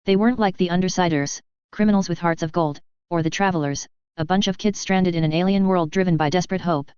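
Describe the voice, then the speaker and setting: Brief: woman storyteller, lowish pitch, lo-fi dull recording, steady narration. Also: fast talker, clear, resonant tone, dry recording. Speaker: reader. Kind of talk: audiobook reading of fan fiction.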